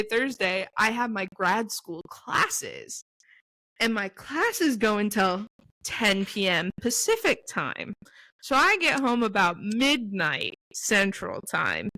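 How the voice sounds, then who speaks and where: Bright-voiced young woman telling a story. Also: medium pitch, dry recording, poor audio. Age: 20s. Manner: storytelling, swears freely, reads texts aloud quickly. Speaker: podcast co-host. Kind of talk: casual chat.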